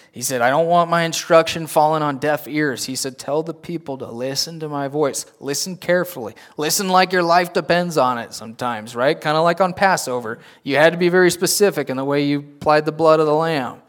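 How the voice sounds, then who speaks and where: Guy giving a sermon, chatty and conversational, keeps asking "right?", a bit high-pitched. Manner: conversational preaching with frequent "right?" asides. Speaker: pastor.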